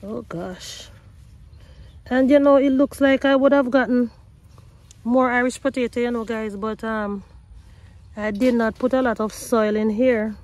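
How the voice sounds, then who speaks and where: A woman filming a casual gardening vlog outdoors beside her potato patch, talking excitedly to her viewers on her own camera. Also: on the high side, a little slow, long pauses, dry recording. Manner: excitable, talks to viewers as guys. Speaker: gardening vlogger. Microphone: self-filmed camera.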